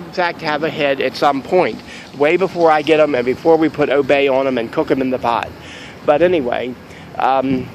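A man's voice: fairly high pitch, a little hiss or hum, rough recording. A man chatting casually to camera in a vlog outside a store, rambling and joking about deals. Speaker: vlogger.

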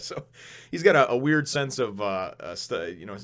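A man's voice: mid-range voice, big pitch swings, normal speed, a bit bright. A man casually reviewing a manga chapter, rambling with many fillers, laughing often and swearing now and then.

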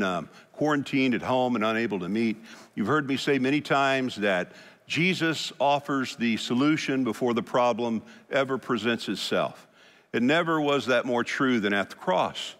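A man preaching an earnest sermon as pastor, with pauses and restarts. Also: medium pitch, fairly bright tone, long reverb tail.

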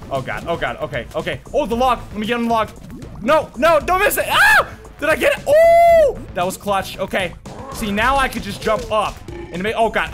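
A bright, sharp-toned young man calls out his gameplay with lots of energy. His commentary swings wildly in pitch and often bursts into shouts and yelps. Faint game music plays underneath. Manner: loud, yelps and shouts during action. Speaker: gaming video host.

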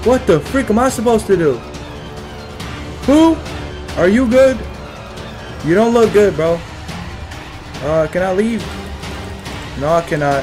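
A young man giving panicky let's-play commentary on a horror game, yelping and shouting when scared. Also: high voice, animated, takes it slowly, pauses often. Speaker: gaming streamer. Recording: game music playing loudly behind.

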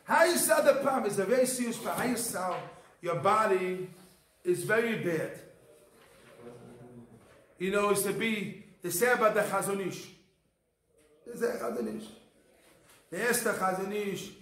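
A man's voice: sits high, moderate pace, pauses often, fairly bright tone. A man, a rabbi, teaching a Torah class in an emphatic, repetitive manner, his English mixed with Hebrew terms. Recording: echoey room.

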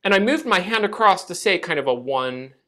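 A male speech teacher giving a classroom lecture. His pitch rises and falls a lot as he makes his points, and his delivery is demonstrative, with frequent restarts mid-phrase. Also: lively intonation, a little fast, a bit bright.

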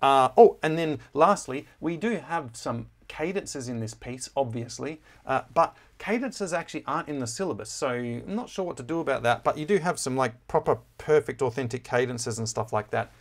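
A man explaining a musical score in a relaxed, chatty way, often pausing with fillers and correcting himself as he goes. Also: mid-range voice. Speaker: music teacher. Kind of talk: casual score walkthrough.

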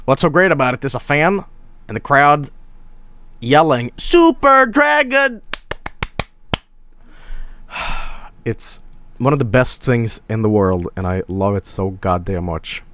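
A male streamer giving excitable live stream commentary, swearing freely and laughing often. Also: mid-range voice, normal speed, dry recording.

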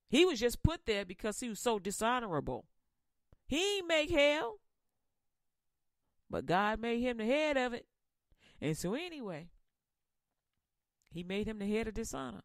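A woman hosts a podcast and retells a Bible story as comedy, playful and preachy. Her voice is fairly high and swoops all over. The sound is dry and close. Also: dry recording. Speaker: radio podcast host.

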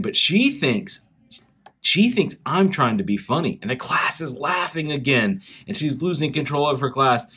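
A man with a Southern US accent, from South Carolina, giving a chapel talk to schoolchildren and telling a story in an animated way straight to the kids. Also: lowish voice, slightly rough. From South Carolina, USA. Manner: animated storytelling, speaks directly to children.

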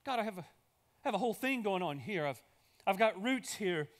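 A man's voice: high-pitched, animated, moderate pace, voice pushed up. A man voicing Abraham as an anxious man who stammers his objections to leaving home.

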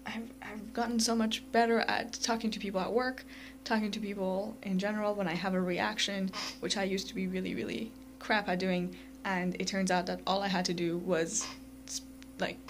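A woman's voice: mid-range voice, a little hiss or hum. A young woman chatting casually in a vlog, rambling with lots of fillers and restarts. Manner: rambling, many fillers and self-corrections. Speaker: vlogger.

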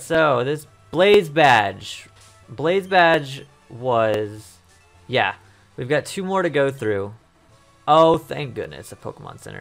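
Hoarse man rambling over gameplay. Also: mid-range voice, a bit bright. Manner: rambling, thinks aloud, repeats words. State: losing his voice. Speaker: let's play host. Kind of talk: casual gameplay commentary.

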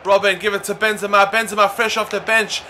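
Young man as gaming commentator: high, bright voice, excitable, bursts into shouts at near misses. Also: fairly quick, slight background noise. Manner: chatty, addresses viewers as lads. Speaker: gaming YouTuber. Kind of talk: live video game commentary.

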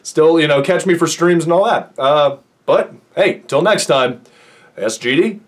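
A man hosting a let's play, giving sarcastic, excitable commentary as he plays a horror game. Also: a little high, measured pace. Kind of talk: casual gameplay commentary.

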